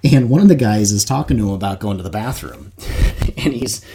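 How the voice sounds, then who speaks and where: A man co-hosting a podcast in casual chat, telling stories in an animated way and laughing often, speaking close to a desk microphone. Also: lowish voice, a little fast, slight background noise. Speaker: podcast co-host. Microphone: desk mic without boom, close to face.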